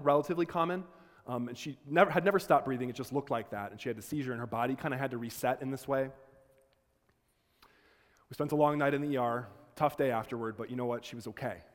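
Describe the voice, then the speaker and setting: A male lecturer speaks to a class in an earnest, conversational way, often restarting his sentences. His voice sits in a mid range. The sound carries a long reverb from a large lecture hall. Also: mid-range voice. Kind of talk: lecture with personal storytelling.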